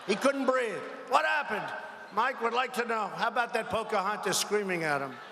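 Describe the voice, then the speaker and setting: A man's voice: sits high, brisk, background noise. A man in his seventies giving a rally speech, combative and mocking, with rambling asides. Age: 70s. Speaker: politician addressing a rally. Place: large arena. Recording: echoey arena with long reverb.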